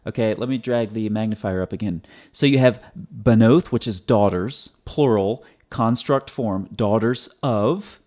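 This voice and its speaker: A man's voice: lowish voice, measured pace, few pauses, darkish tone. A man hosting a video commentary, explaining step by step in a methodical, sarcastic way, often repeating words.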